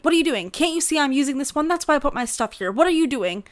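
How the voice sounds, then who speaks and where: A woman acting out an irritated woman who yells and scolds a stranger in a loud, curt voice. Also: high-pitched, animated, quick pace, pitched above the performer's own voice. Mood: annoyed.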